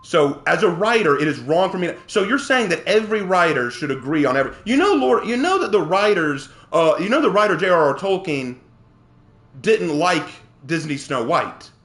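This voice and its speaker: A male streamer rants at his chat while he plays, heated and indignant. His voice sits high and leaps around in pitch as he pushes back at viewers by name. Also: sing-song, moderate pace, fairly bright tone. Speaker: streamer and writer. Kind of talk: live-stream rant to chat while gaming.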